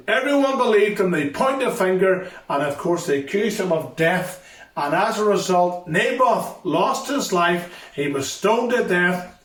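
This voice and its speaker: A man's voice: high voice, fairly bright tone. A man from a youth ministry telling a Bible story to a school assembly, with emphatic repetition. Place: assembly hall. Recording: echoey hall, far from mic.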